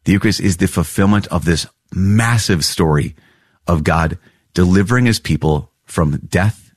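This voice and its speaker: Deep husky guy on a podcast, earnest teaching, dry close sound. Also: moderate pace, no echo. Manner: earnest, animated storytelling with laughs and repeated phrases. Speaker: priest podcast host. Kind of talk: teaching reflection on a catechism reading.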